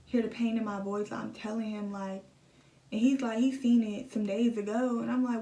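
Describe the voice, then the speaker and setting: A young woman recounts a painful memory in a halting, emotional way, circling back over the same words. Her voice stays flat in pitch. The phone picks her up from a little way off in a roomy, echoing space. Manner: emotional, halting, repeats herself. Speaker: vlogger. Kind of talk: personal storytelling. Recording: echoey room, phone set at a distance.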